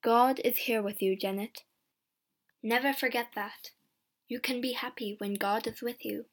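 Woman doing a quiet gentle church man, slow and soft. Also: on the high side, steady tone. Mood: earnest.

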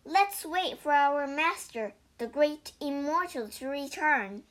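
A woman's voice: sits high, expressive, takes it slowly. A woman voicing a cautious, worried male priest in a storybook reading. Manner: worried, reasoning.

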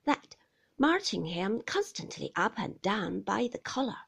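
Slow, husky woman reading a classic novel. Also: mid-range voice, big pitch swings. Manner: slow, hushed, often breathy-whispered delivery. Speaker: audiobook reader. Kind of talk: audiobook narration of a classic novel.

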